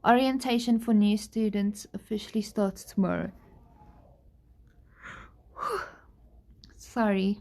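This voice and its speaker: A woman's voice: mid-range voice, steady tone, slow, creaky, long pauses, darkish tone. A tired young woman reading a novel aloud on a live stream, breaking off now and then to chat and apologize. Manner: apologetic, laid-back. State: tired, yawning. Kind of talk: live book reading with chatty asides.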